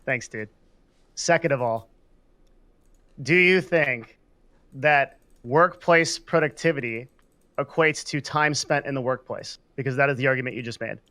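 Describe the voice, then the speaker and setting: A man in a heated online debate, ranting in a rapid, profane stream over a call mic. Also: medium pitch, bright, forceful tone, no room sound. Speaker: debate guest.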